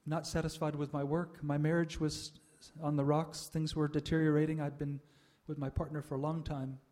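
An older man giving a reflective personal testimony to an audience, pausing often with "uh" and soft laughs. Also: fairly high pitch, little pitch movement. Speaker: speaker sharing a spiritual life story.

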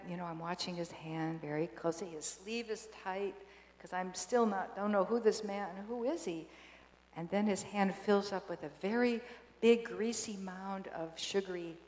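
An older woman shares a personal story with a listening audience, animated and emotional, restarting her sentences and laughing now and then. Her voice sits in a middle pitch. It carries through a roomy hall with a long, lingering reverb. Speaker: speaker giving a personal testimony.

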